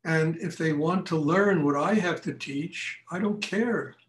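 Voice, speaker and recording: A man's voice: a little high, unhurried. Frank older man teaching in echoey room. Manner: frank, animated storytelling. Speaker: meditation teacher. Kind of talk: lecture and Q&A after meditation. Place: meditation class room.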